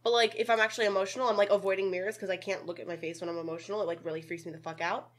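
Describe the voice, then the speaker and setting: A young woman in casual conversation, animated, laughing often and swearing freely. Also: mid-range voice, rapid-fire. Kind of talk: casual chat.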